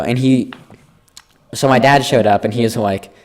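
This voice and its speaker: A man's voice: mid-range voice, normal speed. A teenage boy co-hosting a podcast, telling a school story in casual chat and acting out the people in it. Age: teens. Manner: animated, acts out quoted people. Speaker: podcast co-host.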